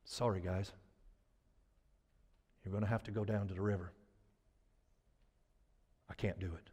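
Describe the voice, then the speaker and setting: A sheepish, apologetic Joshua, as a preacher puts him on, dropping well below his usual pitch and going soft and hushed. The long reverb of a church hall hangs behind him. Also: little pitch movement, unhurried, breathy edge. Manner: quiet, low and apologetic.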